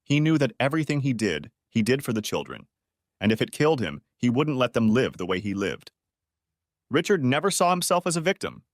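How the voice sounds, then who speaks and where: A man narrates a long story in an even, measured audiobook manner. His voice sits at an ordinary middle pitch. It is recorded close and dry, with no room sound around it. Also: dry recording.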